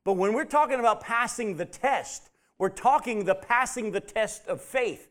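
A man's voice: sits high, sing-song, moderate pace, a bit bright. A man teaching a Bible study, emphatic, repeating his key points and putting questions to the group.

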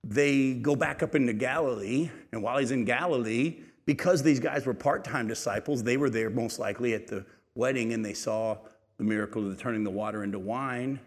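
A male preacher of middle pitch delivers a sermon in a hall with a long, ringing reverb. He reads the passage with lifted, emphatic force, then drops into a hushed, chatty retelling full of asides and questions to the listeners. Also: a little fast. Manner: rises in pitch and volume when reading aloud, drops low and quiet when retelling; conversational asides and rhetorical questions to the congregation. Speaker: pastor. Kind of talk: sermon, reading scripture and explaining it.

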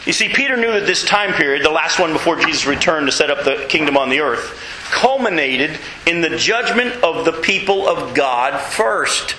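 A man preaching a sermon as pastor, animated and asking the congregation questions as he goes. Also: on the high side, moderate pace, echoey room, noisy background. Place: church.

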